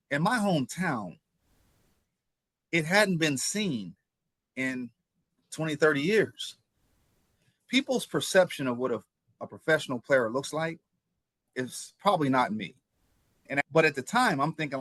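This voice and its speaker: A man's voice: fairly high pitch, a little slow, long pauses, no echo. Dry-sounding storytelling man from Ohio. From Ohio, USA. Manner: animated storyteller, stumbles and repeats words. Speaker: former pro football player, guest. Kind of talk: interview storytelling.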